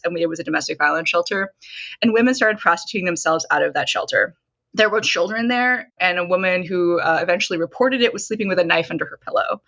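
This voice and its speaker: A woman being interviewed on a podcast as a nonprofit consultant and coach, telling her story in an animated way with lots of "like". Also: lowish voice. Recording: dull lo-fi sound.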